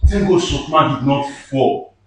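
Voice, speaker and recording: Excited Nigerian Pidgin prankster man. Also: mid-range voice, measured pace, slight background noise. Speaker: prank video maker. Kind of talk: prank reveal. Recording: echoey, from far off.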